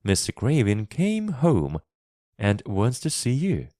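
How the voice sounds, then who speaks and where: Guy putting on a chatty maid voice, a bit higher, brisk and newsy, lively. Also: dry recording, studio quality. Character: friendly young housemaid, chatty. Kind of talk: storybook reading for English learners.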